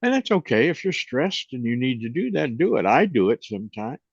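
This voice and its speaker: A man in his eighties, co-hosting a reflective chat on consciousness and guiding a meditation, unhurried and gentle, often trailing off softly. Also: mid-range voice, big pitch swings, vocal fry, breathy edge, dry recording. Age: 80s. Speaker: co-host, meditation and consciousness teacher. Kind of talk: reflective conversation and guided meditation. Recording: dull lo-fi sound.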